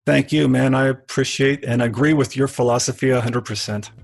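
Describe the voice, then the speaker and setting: A middle-aged man, a book author, as a podcast guest telling lively stories and acting out the voices in them. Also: mid-range voice, brisk, vocal fry, over music. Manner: animated storyteller who mimics voices in quoted anecdotes. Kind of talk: podcast interview, storytelling.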